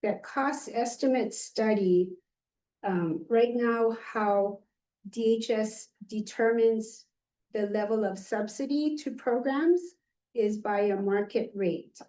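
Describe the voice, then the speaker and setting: A woman's voice: fairly high pitch, takes it slowly, warm tone. An older woman speaking as a board member at a public meeting, rambling a little with many fillers. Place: meeting, remote or room. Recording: roomy, distant mic.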